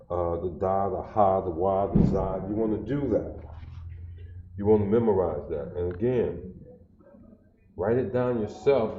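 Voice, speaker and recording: Middle-aged guy teaching, repeats himself, asks the class questions, kinda low mellow voice, echoey room, muffled lo-fi stream. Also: slight background noise. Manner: repetitive, call-and-response teaching cadence. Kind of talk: classroom-style instruction, livestreamed.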